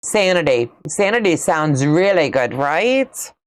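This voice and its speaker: Middle-aged woman, folksy livestream host, lowish voice, unhurried delivery. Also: big pitch swings. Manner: chatty, folksy, reads out and answers viewer comments. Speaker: quilting channel host. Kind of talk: casual livestream chat.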